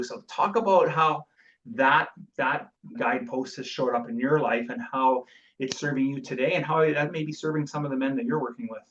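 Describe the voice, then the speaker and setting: A man's voice: mid-range voice, fairly bright tone. A man hosting a podcast, affirming his guest and asking long, reflective, winding questions. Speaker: podcast host. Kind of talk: interview questions. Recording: distant, dull lo-fi mic.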